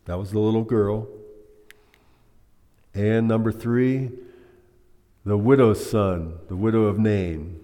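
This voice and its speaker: A man preaches a sermon and keeps putting questions to the congregation. He speaks very slowly in a lowish voice. The long reverb of a church hall trails behind each phrase. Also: steady tone, dark tone.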